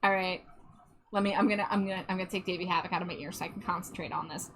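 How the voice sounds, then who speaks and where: A woman's voice: on the low side, steady tone, rapid-fire, a bit bright, a little hiss or hum. A woman streaming while she draws, chatting casually and a bit self-deprecating, often repeating her words. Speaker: art streamer.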